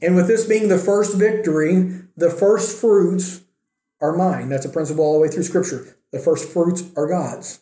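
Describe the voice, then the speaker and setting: A man preaches a sermon, and he acts out the quoted speakers in his own voice. His voice sits high and sounds mellow. The room around him is echoey. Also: moderate pace. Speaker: pastor.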